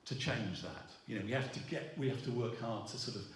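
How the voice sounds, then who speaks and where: A middle-aged man preaches in a halting manner, restarting sentences and filling gaps with ums. His mid-range voice comes from a distance and echoes heavily through a very reverberant church hall.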